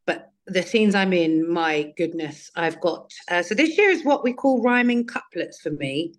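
A woman, an actress and singer, chatting as a guest in a casual radio interview, lively and quick to laugh. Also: lowish voice.

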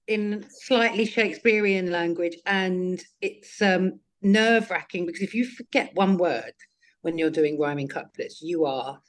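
A woman, an actress and singer, chatting as a guest in a casual radio interview, lively and quick to laugh. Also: on the low side.

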